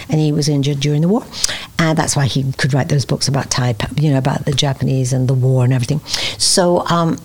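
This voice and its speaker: Scottish woman in her 70s, lowish voice, chatty, tells stories and acts out the quotes. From Scotland. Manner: lively anecdotes with acted-out quotes. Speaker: guest. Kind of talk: podcast interview, storytelling.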